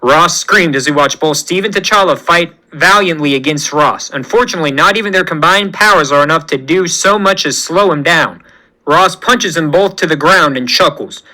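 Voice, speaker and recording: A man's voice: on the high side, lively intonation, normal speed, pushed and bright, rough recording. A man narrating a fan-made superhero story in a plain storytelling voice. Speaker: fan-fiction reader.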